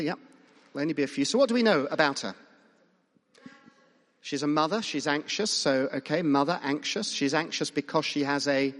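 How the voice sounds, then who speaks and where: A man preaching a sermon in a fairly high voice, talking to the congregation in a conversational, questioning way. His words ring out with the long reverb of a large church. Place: church hall.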